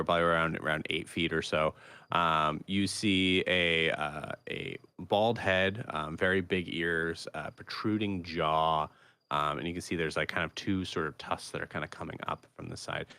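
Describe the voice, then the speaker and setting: Deep-voiced young man running a tabletop game. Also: vocal fry, bright, forceful tone, clear, resonant tone, dry recording. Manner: halting, many fillers while describing scenes. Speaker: game master.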